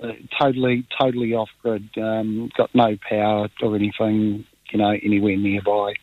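A man's voice: on the low side, completely flat delivery, normal speed, no room sound. A New Zealand man phoning in to talkback radio, easygoing and rambling, stumbling over repeated words. His voice comes through a thin, tinny phone line, dry and close. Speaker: caller.

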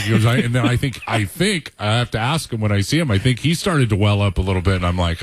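A man's voice: fairly low pitch, animated, fast, few pauses, no echo. A middle-aged man chatting casually on sports radio as a football analyst, telling rambling, digressive stories.

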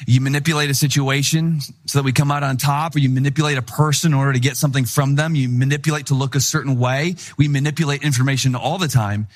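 A young man from Wisconsin, a pastor, giving a sermon that opens with an animated personal story and acts out the voices of the people in it. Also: medium pitch, quick pace, few pauses.

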